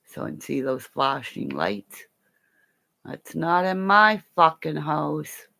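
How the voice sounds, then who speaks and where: A woman's voice: low-pitched, big pitch swings, slow pace, creaky, sharp tone. A woman from Canada ranting angrily to camera in a profane, rambling monologue. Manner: profane and angry; rambling, jumps between topics. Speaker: vlogger.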